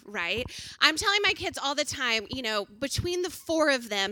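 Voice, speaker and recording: A woman's voice: a little high, bright, forceful tone, no echo. A woman in her thirties giving an earnest, conversational sermon to a church audience, often putting questions to her listeners. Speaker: speaker at a church talk.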